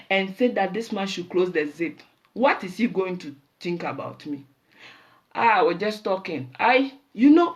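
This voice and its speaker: Nigerian lady hosting her show, chatty animated stories, drops into pidgin a lot. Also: fairly high pitch. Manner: animated storyteller mixing in pidgin. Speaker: show host. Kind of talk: casual talk-show monologue.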